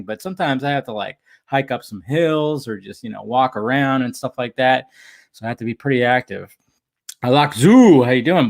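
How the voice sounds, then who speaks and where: Male livestream host, casual, upbeat, chatty, mid-range voice. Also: mid-range voice. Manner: upbeat, greets chat viewers by name.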